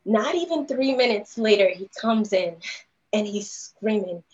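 A woman's voice: a little high, lively intonation, normal speed. A woman guest speaker telling her personal story in a candid, rambling way, full of "you know" fillers. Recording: dull lo-fi live stream audio.

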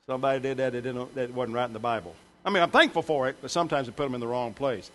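Speaking very fast in a medium pitch, this male pastor delivers an emphatic sermon in a church sanctuary. He tosses joking asides to the congregation, and his volume surges on scripture and punchlines.

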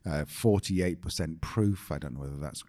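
A man's voice: very deep voice, normal speed, warm tone. A man co-hosting a casual podcast, making dry, joking asides. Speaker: podcast co-host. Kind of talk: casual chat.

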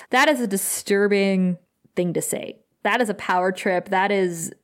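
A woman co-hosting a podcast, casually chatting through a TV episode recap in a lively, talkative way. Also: medium pitch, normal speed. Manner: chatty, lively retelling with frequent "like" and laughter. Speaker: podcast co-host.

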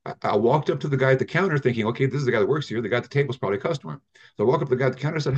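An older man talks fast and a little husky, winding through his stories with restarts and asides. The sound is dull and lo-fi, like a remote call. He is a guest on a conversational interview show. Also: medium pitch. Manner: rambling, animated storyteller with frequent restarts. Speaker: guest, app founder.

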